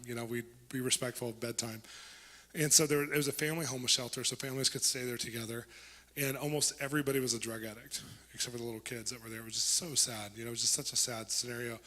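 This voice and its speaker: A man with a bright, forceful voice preaches in an animated way, slipping into the voices of the people in his stories. His voice carries a long, ringing reverb from the hall he speaks in. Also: medium pitch. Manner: animated, acts out quoted voices. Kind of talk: sermon with storytelling.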